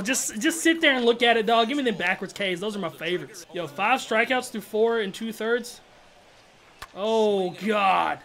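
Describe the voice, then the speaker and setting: High, bright-voiced excitable gamer guy. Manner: excitable, trash-talking, frequent outbursts; slangy, keeps saying bro and dog. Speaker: gaming YouTuber. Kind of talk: casual gameplay commentary.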